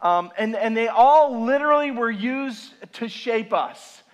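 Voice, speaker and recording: A man's voice: extremely high pitch, lively intonation, a little slow, lo-fi sound. A middle-aged male pastor giving a sermon, telling stories in a chatty way with acted asides. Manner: conversational storytelling with acted asides.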